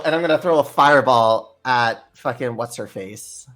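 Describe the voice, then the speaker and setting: A player in a tabletop game, animated and casually swearing. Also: mid-range voice, moderate pace, soft background music.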